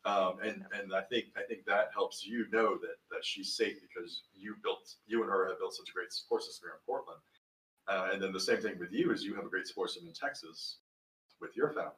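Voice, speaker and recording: A man's voice: low voice, a little fast, fairly bright tone, echoey room, recorded from a distance, rough recording. A man hosting a casual podcast chat, earnest and full of praise, often restarting his sentences. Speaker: podcast host.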